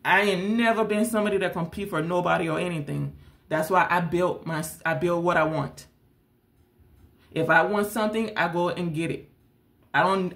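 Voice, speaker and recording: A woman's voice: lowish voice, fairly bright tone. A woman who hosts a tarot channel, ranting straight to camera in a blunt, confrontational way and repeating her points. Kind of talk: direct-to-camera rant.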